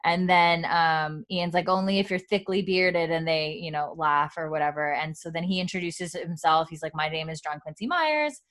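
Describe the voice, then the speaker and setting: A woman's voice: deep voice, moderate pace, hardly any pauses, fairly bright tone. A woman hosting a casual podcast chat, retelling scenes with quoted lines, many fillers and frequent laughs. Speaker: podcast host recapping a TV episode.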